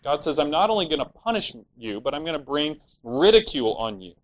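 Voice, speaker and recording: A man's voice: a little high, very animated, fairly quick, poor audio. Man preaching an expository sermon. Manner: earnest expository preaching, rising to mock the villains' laments.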